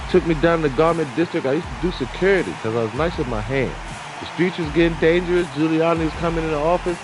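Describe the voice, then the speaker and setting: A man's voice: fairly high pitch, fast, music in the background. A middle-aged man from New York City hosting a gaming livestream, rambling in slangy casual chat and laughing often. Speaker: livestream host.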